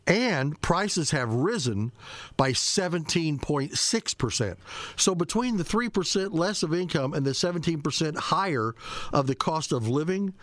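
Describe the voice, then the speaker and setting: A man's voice: fairly high pitch, expressive, a little slow, a bit bright, no echo. A man hosting political talk radio, combative and sarcastic, firing off rhetorical questions.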